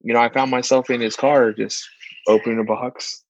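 A man co-hosting a casual chat, telling stories with lively, much higher put-on voices for the people he quotes. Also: moderate pace, dry recording, poor audio. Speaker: podcast co-host, church ministry worker.

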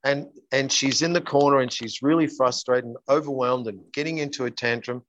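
A man's voice: mid-range voice, steady tone, fairly quick, fairly bright tone. Guy coaching parents, acts out what people said, kinda muffled lo-fi audio. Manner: earnest, acts out dialogue in his stories. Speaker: guest, coach. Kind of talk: interview storytelling.

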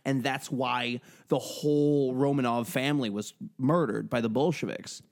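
A man's voice: mid-range voice, steady tone, moderate pace. Profane, joking podcast co-host man. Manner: profane, joking, rambling with restarts. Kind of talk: casual podcast chat.

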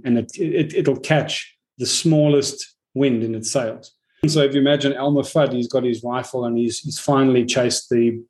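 A man in casual conversation, reflective and animated as he tells stories, with the odd swear word. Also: medium pitch.

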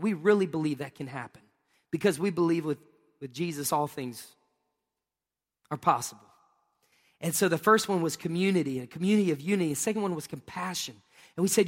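A male pastor giving a sermon, telling funny personal stories in an animated, playful way and acting out scenes with exclamations. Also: high-pitched. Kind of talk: sermon with humorous personal storytelling. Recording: long reverb of a large hall.

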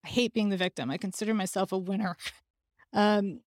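A woman's voice: mid-range voice, steady tone, fairly quick, dry recording, studio quality. Candid woman telling a story. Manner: candid, conversational, laughs now and then. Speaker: podcast host. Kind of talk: personal storytelling.

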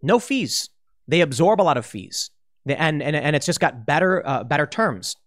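This commentator speaks on the high side at a moderate pace, offering emphatic opinion takes on politics. His delivery is animated, with frequent restarts and quoted lines he acts out in a raised voice.

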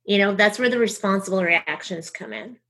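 A woman's voice: mid-range voice, expressive, fairly quick, a bit bright. A woman with a Southern American accent, a guest talking earnestly and reflectively in short phrases. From United States. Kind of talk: casual conversation.

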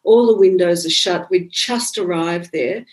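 A woman's voice: on the low side, measured pace, low-quality recording. A woman, a psychic medium recounting her experiences in a conversational interview, acting out the dialogue she quotes. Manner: animated, acts out quoted dialogue. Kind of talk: conversational storytelling.

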